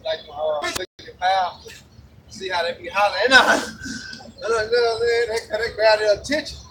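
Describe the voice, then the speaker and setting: A man with a high voice talks in an animated, slangy way. He is recorded outdoors from a distance, with loud street noise. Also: normal speed, vocal fry. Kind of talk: casual discussion.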